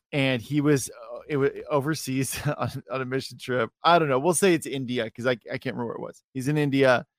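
A man's voice: medium pitch, fairly bright tone, dry recording, studio quality. A man hosting a faith interview show, telling a story in a chatty, casual way and affirming his guest often. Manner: chatty storyteller, frequent fillers and restarts, affirming listener. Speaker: host.

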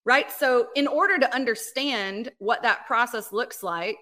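Woman, ministry leader, podcast guest, bright clear tone, animated storytelling, casual chat. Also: fairly high pitch, measured pace. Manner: animated storyteller, frequent "like" and "right?". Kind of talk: casual interview, personal testimony.

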